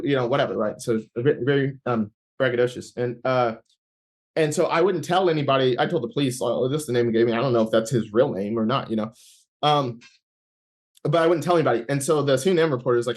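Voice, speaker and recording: A man's voice: mid-range voice, lively intonation. A man as an interview guest, telling a personal story in conversation with many fillers and restarts. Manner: halting, many fillers and restarts, laughs while talking.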